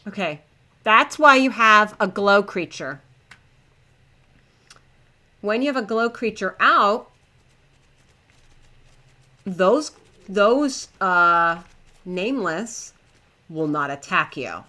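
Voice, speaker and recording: Bright-voiced young woman streaming a game. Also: medium pitch, expressive, slow, pauses often. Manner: chatty, flustered, talks to herself and her pets. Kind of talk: live gameplay commentary.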